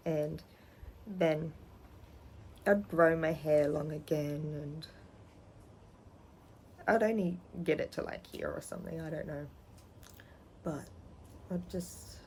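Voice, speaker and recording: A young trans man talks through his past in a home vlog, candid and rambling. His delivery is slow and halting, with a gravelly fry running through it. A faint ambient hum sits behind the voice. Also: on the high side, a little mellow, rough recording. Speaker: vlogger. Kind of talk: personal storytelling vlog.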